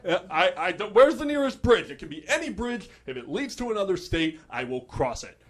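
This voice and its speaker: High, lively wry comedian man. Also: brisk. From New Jersey. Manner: wry, self-deprecating, trailing into hesitant asides. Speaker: stand-up comedian. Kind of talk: stand-up comedy set. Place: comedy club stage.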